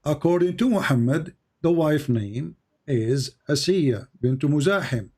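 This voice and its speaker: A man with Arabic as his first language debates a caller, lecturing insistently and hammering his points again and again. His voice sits fairly high but sounds dark and mellow. His phrasing is halting, with frequent restarts. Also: lively intonation, breathy edge. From Middle East. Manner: insistent, lecturing, repeats points with rising emphasis. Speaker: Christian apologist debating a caller. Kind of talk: heated debate on a call-in show.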